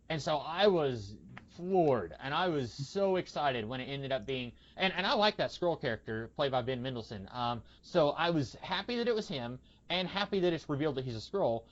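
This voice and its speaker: A man's voice: on the high side, expressive, normal speed. A young man hosting a podcast, chatting casually and rambling with many restarts. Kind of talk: casual chat. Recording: dull lo-fi podcast audio.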